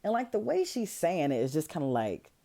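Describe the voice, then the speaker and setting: A woman hosting a podcast, recapping a movie in a casual, slangy way, full of "like" and lively asides. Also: fairly low pitch, a little fast. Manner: animated, filler-heavy, slangy storytelling. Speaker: podcast host.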